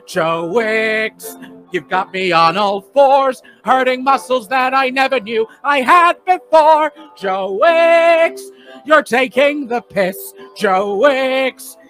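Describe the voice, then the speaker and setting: Man, very high and bright, deadpan sweary comic song over music. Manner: sung-spoken, sweary, deadpan rhymes.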